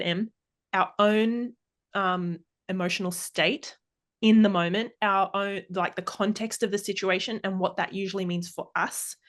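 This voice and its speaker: A woman with a slightly low voice talks as an expert guest on a podcast. She explains her points thoughtfully, often restarting her sentences and using fillers as she searches for the right words. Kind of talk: casual interview chat.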